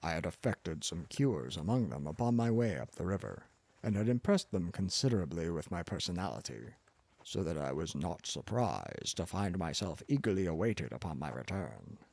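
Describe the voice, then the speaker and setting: A man's voice: deep voice, big pitch swings, normal speed, vocal fry, a little mellow, husky, no room sound, full character voice. A man voicing a pompous, arrogant older professor who lectures in a condescending manner. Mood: lecturing.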